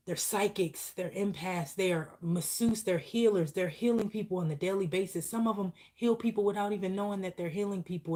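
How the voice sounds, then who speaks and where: A woman with a somewhat low voice delivers a live channeled spiritual message, earnest and repetitive, often checking in with the listener. She sounds close to tears throughout. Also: a little mellow. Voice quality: emotional, heartfelt delivery. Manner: earnest, repetitive, preaching with frequent "okay?".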